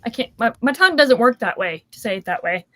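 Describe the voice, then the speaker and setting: A woman guest on a casual video-call chat, friendly and quick to laugh, often restarting her sentences. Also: on the high side, very animated, bright, forceful tone, dry recording.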